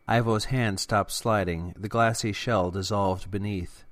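A man narrating a serial story in a steady, deliberate reading. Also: on the low side, no echo.

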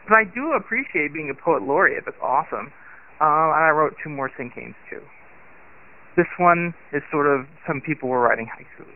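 A man leaving a voicemail, speaking slowly with careful enunciation as he reads short poems. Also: on the high side. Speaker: caller. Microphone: phone voicemail. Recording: tinny phone line.

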